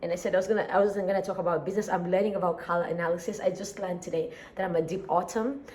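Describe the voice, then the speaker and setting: A woman's voice: lowish voice, fairly even intonation, rapid-fire, a little mellow, slight background noise. A woman with an East African accent, a tired, sleepy daily vlogger chatting casually and rambling, with frequent sighs and laughs. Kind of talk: casual chat.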